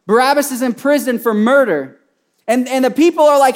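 Male pastor, high voice, animated sermon storytelling, loud then hushed. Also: fairly quick. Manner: animated storytelling, swings between loud and soft.

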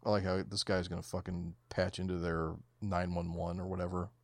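A man's voice: low-pitched, little pitch movement, fairly quick, no echo. A man co-hosting a casual movie commentary, talking in a laid-back, profane way and often trailing off mid-thought. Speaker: podcast co-host.

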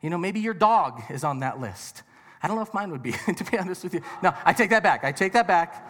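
A man with a high voice preaches to a crowd, chatting and joking and tossing out questions. The sound carries a long echo of a big hall behind him. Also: expressive, brisk, fairly bright tone. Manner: conversational and joking with the audience, rhetorical questions. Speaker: pastor. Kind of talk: sermon. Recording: reverberant hall.

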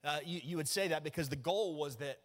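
A man's voice: fairly high pitch, brisk. A man, preaching a folksy, joking sermon in a church. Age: 40s. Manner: folksy, joking, animated storytelling. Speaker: pastor. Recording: long reverb of a church hall.

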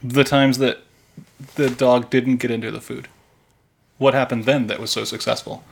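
Husky, rambling podcast co-host. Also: male voice, mid-range voice, flat delivery. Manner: rambling, halting, laid-back. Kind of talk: casual comedic chat.

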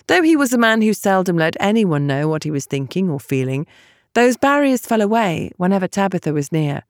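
A woman narrating a novel as an audiobook, with expressive storytelling. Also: medium pitch, brisk, no echo, clean studio sound.

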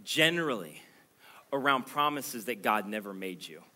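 Bright-voiced preaching man. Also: very animated, normal speed. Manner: earnest, emphatic preaching that swells louder and higher. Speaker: pastor. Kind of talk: sermon.

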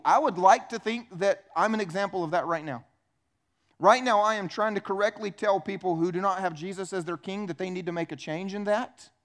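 A man with a fairly high voice delivers a sermon in a church. He keeps it conversational, asks the congregation questions and breaks into little acted voices for the people he quotes. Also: a bit bright. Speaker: pastor.

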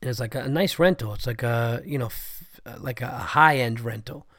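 Profane rambling host with a cold. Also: male voice, mid-range voice, normal speed, a bit bright, dry recording, studio quality. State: has a cold, congested voice. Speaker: podcast host. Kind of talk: casual monologue.

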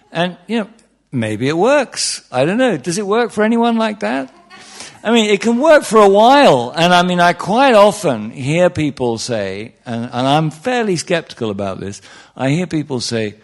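A man's voice: fairly high pitch, lively intonation, unhurried. A man teaching meditation to a live audience in an informal talk, chatty and wry, often restarting sentences and asking the room questions. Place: speaking in front of a room of listeners.

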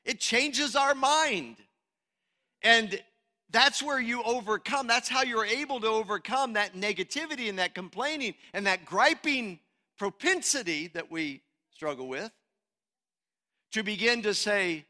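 Male pastor, high bright voice, dynamic preaching delivery from hushed to booming. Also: lively intonation, measured pace. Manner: swings from hushed to loud, preacherly. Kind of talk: sermon.

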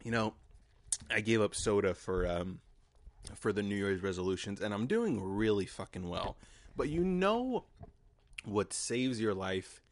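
A man's voice: fairly low pitch, animated, measured pace. A man hosting a casual solo podcast from his garage. He rambles loosely and swears freely, joking as he goes. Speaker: podcast host. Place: home garage.

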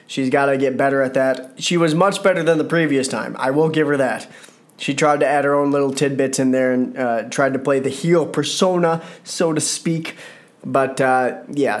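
A man giving casual solo commentary on a wrestling show, rambling, joking and correcting himself as he goes. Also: medium pitch. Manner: rambling, self-correcting, jokey.

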